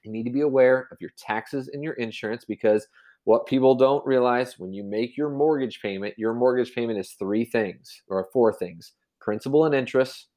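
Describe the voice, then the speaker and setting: A man's voice: on the low side, darkish tone. A man explaining real estate in a casual podcast chat, rambling with many restarts and fillers. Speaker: real estate agent guest.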